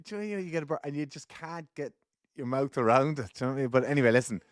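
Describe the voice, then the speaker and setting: An Irish man in his forties, a former rugby player co-hosting a podcast, telling animated anecdotes with laughs breaking into his sentences. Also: medium pitch, very fast, dry recording, studio quality. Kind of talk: casual podcast chat, storytelling.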